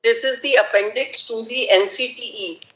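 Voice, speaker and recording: A woman advocate with an Indian English accent making a formal, measured argument in court, deferentially addressing the bench. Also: fairly high pitch, a bit bright. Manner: measured, deferential, repeatedly saying "my lords". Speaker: advocate arguing a case. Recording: echoey courtroom audio.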